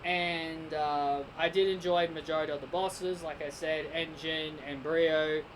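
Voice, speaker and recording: A man's voice: fairly high pitch, steady tone, measured pace, slight background noise, low-quality recording. Rambling Australian man reviewing a game. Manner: rambling, speculative, thinking aloud. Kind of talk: casual spoken game review.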